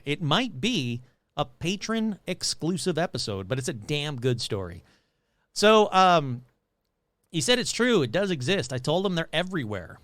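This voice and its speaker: A man hosting a podcast, reading paranormal news in a jokey, animated way and tripping over words. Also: a little high, dry recording. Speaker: podcast host. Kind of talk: casual paranormal news commentary.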